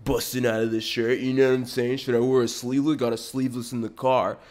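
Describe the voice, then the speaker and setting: A man putting on the voice of a boastful young gym bro at a party, loud and swaggering. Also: mid-range voice, little pitch movement, fast talker, lightly acted.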